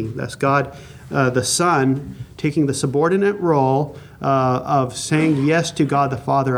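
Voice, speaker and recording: A man teaching a Bible class from an outline, earnest and emphatic, slowing down to stress key points. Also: medium pitch, a little hiss or hum. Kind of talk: sermon-style Bible teaching.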